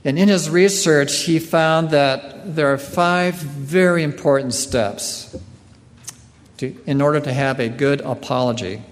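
A man giving a sermon in a slow, earnest way, often clearing his throat. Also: a little high. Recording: long hall reverb.

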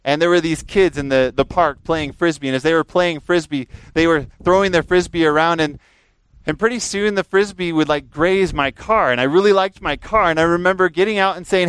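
A man preaching a sermon earnestly, rising to emphatic peaks and dropping to a quiet, prayerful tone. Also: a little high, normal speed, smooth, dry recording, poor audio.

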